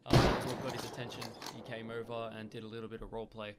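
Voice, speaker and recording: A man's voice: lowish voice, level tone, fast, very noisy. A young Australian man in casual commentary over gameplay footage, explaining at length with frequent ums and restarts. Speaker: gaming YouTuber.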